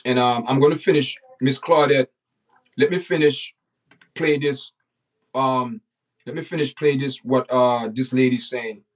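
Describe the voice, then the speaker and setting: A man's voice: mid-range voice, fairly even intonation, measured pace, far from the mic. Preachy man hosting a livestream. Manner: preachy, repetitive, indignant. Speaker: livestream host. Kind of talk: opinionated livestream commentary.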